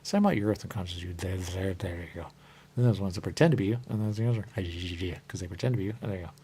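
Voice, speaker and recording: A man's voice: low voice, quick pace, dark tone, a little hiss or hum. A man hosting a talk show in a rambling, repetitive monologue, looping back on the same phrases and drifting into sing-song murmurs. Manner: rambling and repetitive, keeps saying "there you go". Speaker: radio show host.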